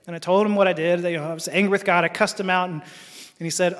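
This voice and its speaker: High-voiced man preaching in a reverberant hall. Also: fairly even intonation, a bit bright. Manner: earnest storytelling with halting restarts. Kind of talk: personal testimony sermon.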